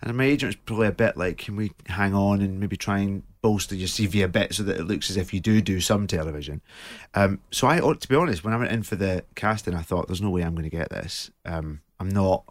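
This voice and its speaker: A man's voice: low-pitched, quick pace, no room sound. A man with a Glaswegian Scottish accent, a guest actor on a studio radio interview, telling stories in a chatty way with fillers. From Scotland, Glasgow. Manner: chatty storytelling with laughs and fillers.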